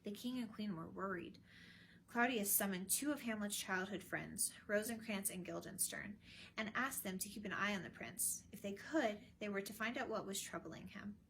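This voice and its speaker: A woman narrating a children's storybook version of a classic play in an expressive, clear way. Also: medium pitch, normal speed, slight background noise.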